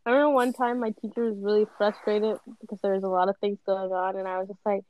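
A young woman chatting casually in a soft-spoken, slightly hesitant way. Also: medium pitch, level tone, fast, no room sound, highs cut off. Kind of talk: casual chat.

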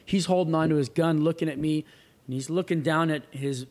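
A man with a somewhat high voice tells a story in loose casual chat. He is animated, acts out the voices of the people in it and swears freely. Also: a little fast. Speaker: guest.

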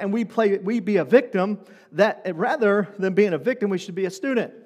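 A man's voice: high-pitched, fairly quick, a little mellow. A man preaching a sermon as pastor, talking to the congregation in a conversational way and asking lots of rhetorical questions. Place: church hall. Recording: long hall reverb.

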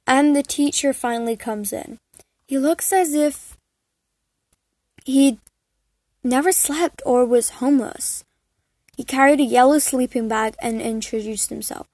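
A woman reading fan fiction aloud in a halting way, often stumbling and restarting over the text. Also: a little high, a little mellow, no room sound. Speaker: reader.

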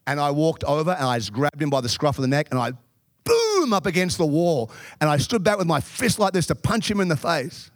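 High-voiced male preacher telling stories. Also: very animated, a little fast, no room sound, clean studio sound. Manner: humorous storytelling, addresses the congregation. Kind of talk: sermon.

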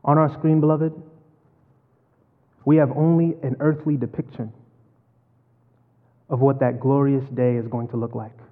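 A man's voice: mid-range voice, level tone, measured pace, pauses often. Preacher man in an echoing hall. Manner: storytelling preacher, dramatic swings from loud to hushed. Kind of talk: sermon. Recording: phone-like, long hall reverb.

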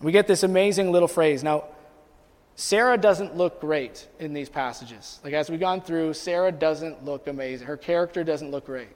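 A man preaching a sermon as pastor, repeating and restarting phrases and climbing in pitch and volume as he builds. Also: normal speed. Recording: long hall reverb.

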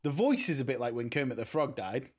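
A man's voice: medium pitch, lively intonation, fast. A man, chatting casually and joking as a podcast co-host. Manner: easygoing, joking. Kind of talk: casual chat.

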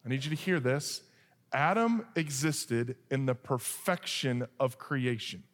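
A man preaching a sermon, telling a humorous story with lively asides and then reading scripture. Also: medium pitch, unhurried. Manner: animated, joking, shifts into acted voices for characters. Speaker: pastor. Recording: long hall reverb.

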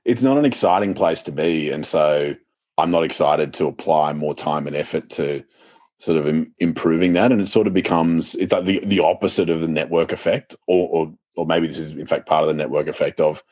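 A man's voice: rumbling low, brisk, darkish tone. A man with a Sydney private-school Australian accent, talking casually on a podcast about marketing, articulate, often correcting himself and laughing easily. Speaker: podcast guest, lawyer.

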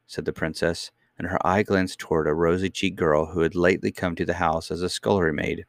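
Man, audiobook narrator, deep low voice, measured, dry close recording. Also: level tone, no room sound. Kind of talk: scripted narration.

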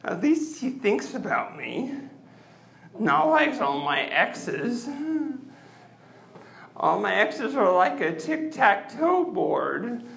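A man doing an awkward, self-deprecating open-mic stand-up set into a handheld mic on a club stage, leaving long pauses. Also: sits high, big pitch swings, gravelly, fairly bright tone, slight background noise. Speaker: stand-up comedian. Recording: roomy club sound.

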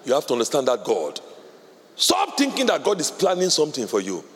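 A male pastor preaching a sermon with fervor, building from quiet, urgent stretches to loud shouted declarations. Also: on the high side, huge pitch swings, a little fast. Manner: fervent preaching, rising to shouts. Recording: long hall reverb.

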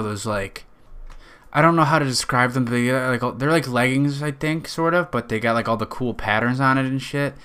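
A man's voice: mid-range voice, sharp tone, smooth. A man with a nasal Western New York accent, hosting a podcast in a rambling, profane, jokey monologue. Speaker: podcast host.

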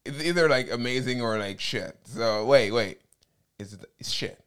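A man's voice: mid-range voice, a little slow, fairly bright tone, clean tone. A man whose first language is French, chatting casually and playfully asking about English slang. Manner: playful, curious questioning. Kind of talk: casual chat.

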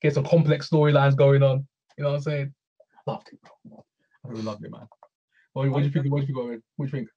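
A man's voice: mid-range voice, level tone, slightly rough, lo-fi sound. A man in casual chat, slangy and agreeable, calling people "bro". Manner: fast, slangy, agreeable, keeps saying "bro" and "yeah".

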